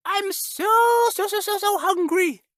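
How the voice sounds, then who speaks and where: A woman voicing two small, playful, lazy mice in a storybook tale, talking in a squeaky, excited way. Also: slow pace, no room sound, clean studio sound, full character voice.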